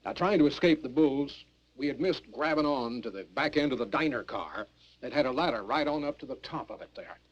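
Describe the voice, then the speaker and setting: A man's voice: medium pitch, expressive, a little fast. An older man telling his story as a hobo in a rambling, folksy drawl full of curses, on muffled 1970s film sound with hiss. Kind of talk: rough storytelling documentary interview. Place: in a cave.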